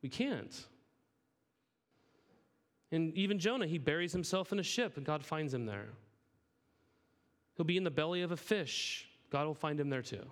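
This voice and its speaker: Thirties male pastor, chatty and earnest sermon delivery, slightly raised pitch. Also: animated, moderate pace, pauses often. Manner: earnest, conversational, repeats words when starting sentences.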